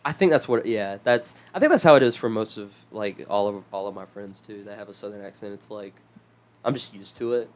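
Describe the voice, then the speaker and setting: On a podcast he co-hosts, a young man from South Carolina chats casually in a lowish, brisk voice. He laughs a lot and swears from time to time.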